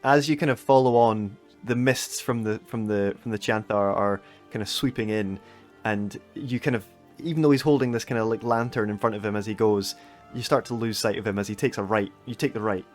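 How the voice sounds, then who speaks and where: A man narrating as game master of a tabletop game, halting and restarting as he describes scenes. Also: on the low side, steady tone, faint music behind.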